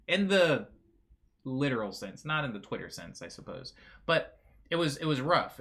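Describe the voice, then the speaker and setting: A man's voice: medium pitch, fairly bright tone. A man hosting a live stream, chatting casually and reading chat messages aloud. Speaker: livestream host.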